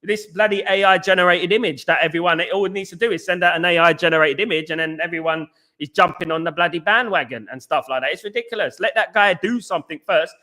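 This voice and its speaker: A man's voice: high-pitched, fast talker, bright, forceful tone. A man hosting a football fan live stream, answering chat and ranting with strong opinions, often repeating himself. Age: adult. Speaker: football fan channel host.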